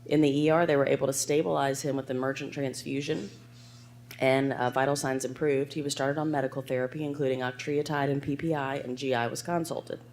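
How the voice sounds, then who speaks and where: Hoarse woman moderating a medical panel. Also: extremely low pitch, a little fast, a little hiss or hum. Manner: reads case details in an even, clinical way. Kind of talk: presenting a clinical case at a medical conference. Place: conference hall.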